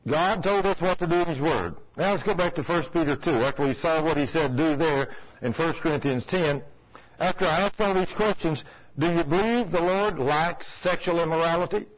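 A man's voice: fairly high pitch, moderate pace. Folksy preacher man on lo-fi radio. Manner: folksy storytelling, rhetorical questions. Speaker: pastor. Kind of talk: sermon with anecdote.

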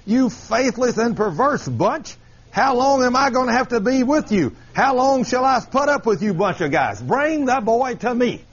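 Brief: Jesus scolding his faithless disciples, paraphrased by a preacher, slow and exasperated, husky, lo-fi. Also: on the high side, a little mellow, lightly acted. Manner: scolding, drawn out.

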